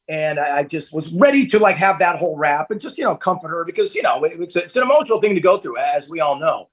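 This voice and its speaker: A man's voice: on the high side, expressive, quick pace, few pauses, slightly rough, rough recording. A man in his fifties, a podcast guest, telling candid stories in casual chat from home over a call. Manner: candid, storytelling, laughs easily. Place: at home, family nearby.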